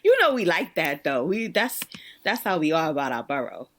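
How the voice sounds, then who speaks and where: Woman from brooklyn hosting a podcast, kinda low voice, tells stories all animated, laughs a lot. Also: normal speed. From Brooklyn, New York. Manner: animated, laughs often, acts out quoted people. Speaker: podcast host, social worker. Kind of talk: casual conversational storytelling.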